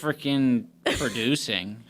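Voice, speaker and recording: A man's voice: mid-range voice, slow pace, a bit bright, a little hiss or hum. A man in his thirties co-hosting a casual podcast, rambling with lots of "you know" and "like". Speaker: podcast co-host. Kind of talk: casual chat.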